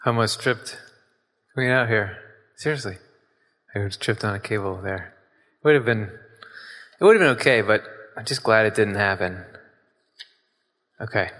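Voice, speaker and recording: Man preacher, bright forceful tone, casual emphatic sermon with scripture reading, reverberant hall. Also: on the low side, moderate pace, pauses often. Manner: conversational, emphatic, asks the audience questions.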